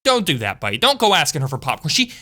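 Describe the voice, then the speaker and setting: A woman telling a story from school in a chatty, animated way, with frequent asides to her viewers. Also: sits low, quick pace. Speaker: channel host. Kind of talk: storytime vlog.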